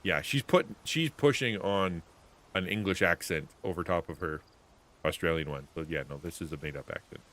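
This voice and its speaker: A man's voice: sits low, moderate pace, fairly bright tone. A man livestreaming a video game, talking in a rambling, chatty, self-interrupting way. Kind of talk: casual gameplay commentary.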